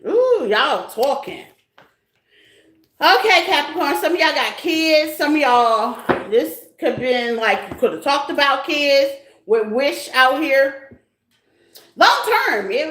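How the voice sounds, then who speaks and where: A woman's voice: high-pitched, fairly bright tone, roomy sound, slight background noise. A woman giving a casual tarot reading to her viewers, frank and profane, laughing often and tagging lines with "okay?". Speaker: tarot reader.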